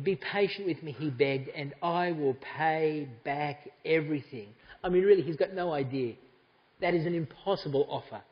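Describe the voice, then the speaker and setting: A man's voice: on the high side, big-room sound, highs cut off. A man preaching a sermon to a congregation, talking conversationally and making asides to the people in front of him. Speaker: pastor. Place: church hall.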